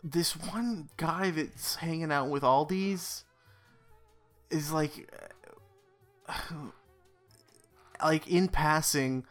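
A man talks through a movie plot on a podcast in a slow, unhurried way. He rambles with plenty of fillers. He keeps slipping in dry, sarcastic jokes. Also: fairly high pitch, a bit bright, soft background music. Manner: rambling, filler-heavy with many "like"s; wry, sarcastic asides. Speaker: podcast co-host. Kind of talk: casual film recap chat.

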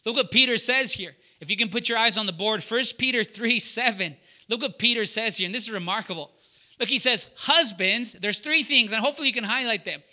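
A man preaching loudly and emphatically to young adults, often asking the room to fill in words. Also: high-pitched, brisk. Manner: loud, emphatic, asks the room questions. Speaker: pastor teaching young adults. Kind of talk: sermon.

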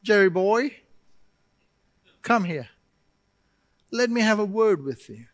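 A man's voice: high voice, expressive, takes it slowly, no echo, studio quality. A man pastor voicing God as a fatherly figure who calls a prophet over in a familiar, coaxing way.

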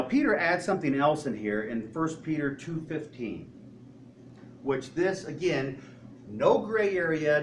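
Animated preacher man in an echoey room. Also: a little high, recorded from a distance, slight background noise. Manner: animated, asks the congregation questions, acts out quoted voices. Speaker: pastor. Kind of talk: sermon.

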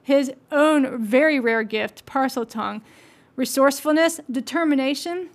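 A woman voicing a kindly old male wizard headmaster, calm and measured, read aloud. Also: sits high. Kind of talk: audiobook-style reading aloud.

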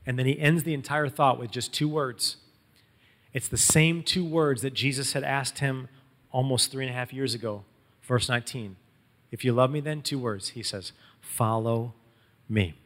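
A man preaching a sermon, telling the story in a lively, casual way and acting out quotes in everyday slang. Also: medium pitch, normal speed, pauses often, long reverb tail. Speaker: pastor.

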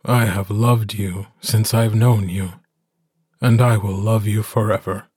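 A man voicing a gentle, steady male alpha werewolf, speaking in a soft, slow, soothing way. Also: lowish voice, slightly rough, no room sound, clean studio sound. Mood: tender.

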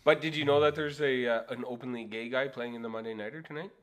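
A young adult man co-hosting a podcast in casual chat, joking and giving short deadpan replies. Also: mid-range voice, fast. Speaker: podcast co-host.

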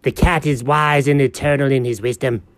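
A man narrating a pet comedy in a playful, lively way. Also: medium pitch, moderate pace, dry recording. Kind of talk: comic narration.

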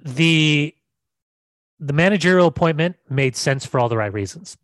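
A man's voice: fairly high pitch, expressive, normal speed, no echo. A man co-hosting a casual football podcast, brash and emphatic, swearing casually. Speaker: podcast co-host.

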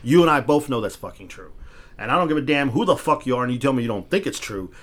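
A man's voice: mid-range voice, expressive, quick pace, a bit bright. A man hosting a casual podcast, telling stories in a heated, profane way and restarting his words when he gets worked up. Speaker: podcast host.

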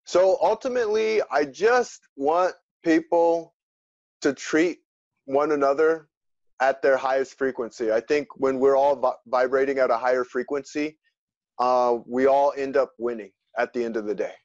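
A man answering as an interview guest, speaking earnestly and in a measured way. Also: medium pitch, no room sound. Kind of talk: reflective interview talk. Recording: dry, dull lo-fi sound.

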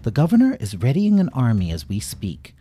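A man's voice: medium pitch, huge pitch swings, brisk, mellow, breathy edge, pitched above the performer's own voice. A man playing a smug town guard who talks down to others, hesitating with fillers. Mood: dismissive. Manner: hesitant and patronizing.

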